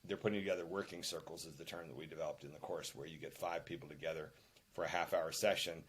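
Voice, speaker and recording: An older man, a podcast guest and author, telling anecdotes in an animated, emphatic way. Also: a bass voice, quick pace, slightly rough. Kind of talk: conversational interview.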